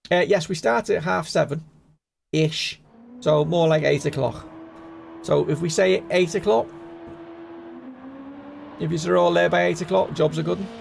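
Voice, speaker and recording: Gravelly man chatting on stream. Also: fairly high pitch, steady tone, a little slow, long pauses, a little hiss or hum. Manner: chatty, rambling, banter with chat. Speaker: gaming livestream host. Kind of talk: casual live gaming chat.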